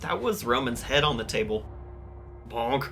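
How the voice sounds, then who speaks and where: A woman player in a tabletop game with a low voice and an unhurried delivery. Her tone is bright, and she speaks with wry, dry humor. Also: animated, faint music behind.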